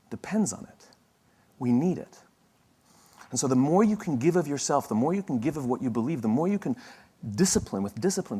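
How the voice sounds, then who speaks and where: Wry, conversational male motivational speaker. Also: on the high side. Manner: conversational and wry, with self-corrections and asides. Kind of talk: motivational talk with storytelling.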